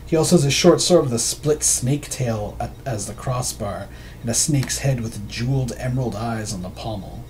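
A man's voice: mid-range voice, normal speed, a little mellow, a little hiss or hum. A man narrating a tabletop game as game master in a loose, chatty, laughing way.

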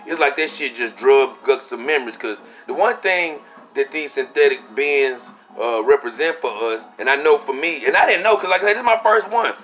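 A young man casually telling a story for his vlog, animated and profane, acting out what he said at the time. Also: medium pitch, a little fast, soft background music. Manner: animated, profane, acts out his own quotes. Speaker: vlogger.

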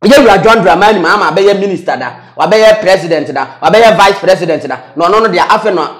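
A man with a Ghanaian accent delivers heated political commentary in a notably high voice. He switches between Twi and English, hammers points home by repeating words, and laughs mid-sentence. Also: fast talker. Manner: mixes Twi and English, repetitive emphatic phrases, laughs while talking. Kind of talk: animated political talk.

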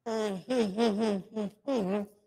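A brash streetwise eater with a high, creaky filtered voice, as a man talks through a voice filter. He drawls slowly in slangy hype talk, hyping his food to the stream. The filter pushes his voice well above a man's own. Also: steady tone, mellow, exaggerated voice. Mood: eating. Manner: swaggering, slangy hype talk while eating. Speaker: streamer doing a mukbang.

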